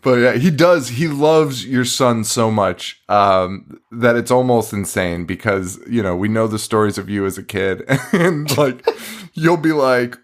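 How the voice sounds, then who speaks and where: A man's voice: mid-range voice, a little slow. A man co-hosting a podcast in casual chat, telling stories with lots of laughter and swearing. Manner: lively, laughing storyteller, swears freely. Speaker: podcast co-host.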